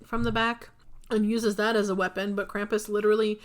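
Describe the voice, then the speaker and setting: A woman's voice: mid-range voice, flat delivery, fairly quick. A woman co-hosting a podcast, recapping a movie in a casual, filler-heavy way with some swearing. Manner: chatty, filler-heavy, profane, laughs easily. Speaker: podcast co-host.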